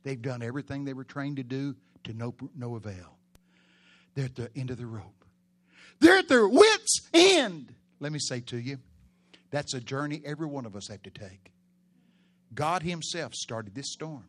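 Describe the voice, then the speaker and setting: A pastor preaching a sermon in a church, telling stories with animated, loud bursts. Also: male voice, mid-range voice.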